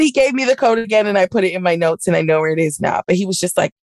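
Woman, casual podcast storyteller, lively retelling, dry mic. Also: medium pitch, racing, hardly any pauses, no echo. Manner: animated storytelling, acting out both sides. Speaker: podcast co-host. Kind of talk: casual chat.

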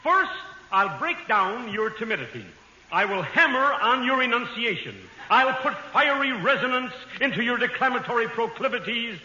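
An actor playing a pompous bald professor of public speaking, with booming, florid diction in 1940s radio comedy acting. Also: male voice, lively intonation, normal speed, pushed and bright, lo-fi sound, exaggerated voice. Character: pompous bald male elocution professor, windy. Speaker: comic guest character. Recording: echoey old radio broadcast, hissy.

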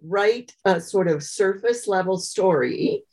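A woman guest author telling stories in an interview, in a thoughtful, measured way with many pauses. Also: mid-range voice, expressive, darkish tone. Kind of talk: interview conversation.

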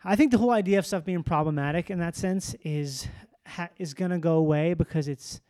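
Casting note: higher-pitched male comic, quick and wry, riffing bits, close dry mic. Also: mellow, no room sound. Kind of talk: casual chat.

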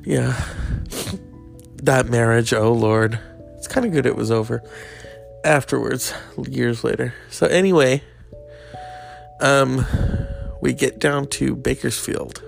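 A host telling a gossipy personal story in casual chat, animated and quoting people. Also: mid-range voice, takes it slowly, creaky, long pauses, faint music behind. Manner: animated, gossipy, acts out quotes.

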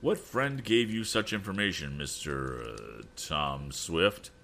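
A man voicing a proud, puzzled middle-aged banker who speaks formally and haltingly. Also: rumbling low, animated, sharp tone, a little hiss or hum, heavily acted. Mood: stiff.

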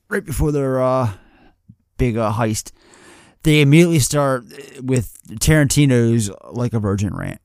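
A man's voice: fairly low pitch, darkish tone, no room sound, studio quality. A man co-hosting a podcast, talking about films in a casual, enthusiastic way, rambling and restarting his sentences. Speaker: podcast co-host. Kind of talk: casual film discussion.

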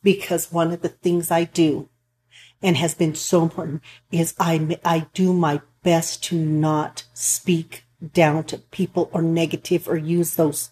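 Woman counselor, low mellow voice, earnest, rambling casual chat. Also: slight background noise. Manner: earnest, rambling with restarts and storytelling. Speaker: counselor for couples and families.

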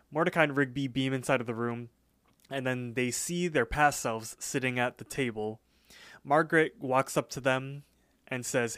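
A man's voice: mid-range voice, fairly even intonation, normal speed, a bit bright, smooth, no room sound. A young man co-hosting a podcast, casually retelling a cartoon episode with lots of "like" and acted-out quotes. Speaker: podcast co-host. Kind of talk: casual chat, episode recap.

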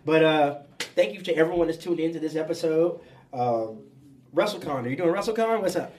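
Upbeat guy hosting a podcast, kinda high voice, laughs a lot. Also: a little fast, darkish tone, slight background noise. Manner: upbeat, laughing, hypes up the audience. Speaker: podcast host. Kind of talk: casual podcast chat and sign-off.

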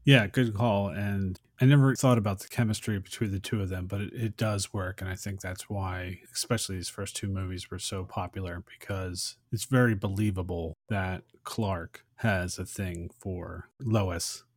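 Male podcast co-host, very low voice, conversational, dry recording. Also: steady tone, moderate pace, few pauses, no room sound. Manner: agreeable, conversational. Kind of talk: casual film discussion.

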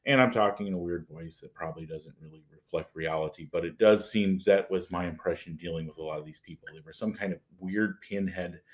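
A man with a low-pitched voice co-hosts a podcast in loose, casual chat. He talks in a wry, rambling way and often lets his sentences trail off into a mumble. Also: a little fast, hardly any pauses. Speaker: podcast co-host.

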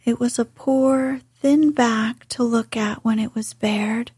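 A woman reading a classic story aloud in a soft, unhurried whisper. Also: on the high side, steady tone, slightly rough, no room sound, clean studio sound. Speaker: narrator.

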